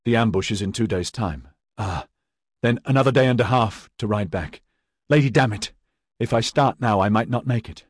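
A man's voice: on the low side, moderate pace, husky, no echo, clean studio sound. A man voicing a giddy young male adventurer who talks in a breathless, manic rush. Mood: urgent.

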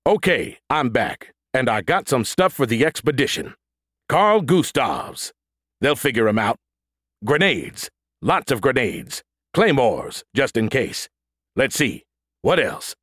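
A man's voice: medium pitch, very animated, slow, a bit bright, no room sound, clean studio sound, pitched above the performer's own voice, full character voice. A man voicing a boastful, sulky male combat robot who stutters as he glitches, in an audiobook. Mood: eager. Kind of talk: audiobook character voice.

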